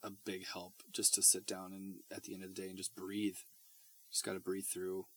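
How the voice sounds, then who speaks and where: A man co-hosting a casual chat from a small closet, quick to laugh and telling stories. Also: low voice, a little hiss or hum. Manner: laughs easily, animated storytelling.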